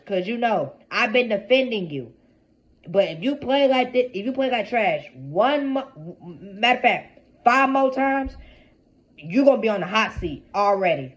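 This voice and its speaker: A man's voice: sits high, dull audio. A young man giving an exasperated, repetitive fan rant about his team, heavy on slang. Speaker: sports fan commentator.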